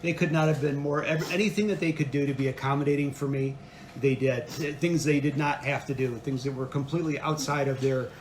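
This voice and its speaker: A man's voice: mid-range voice, steady tone, roomy sound, slight background noise. A man sitting in as co-host and talking in a casual, earnest way, often stopping to restart his sentences. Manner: earnest, grateful, halting with restarts. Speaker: co-host, husband. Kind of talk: casual conversation.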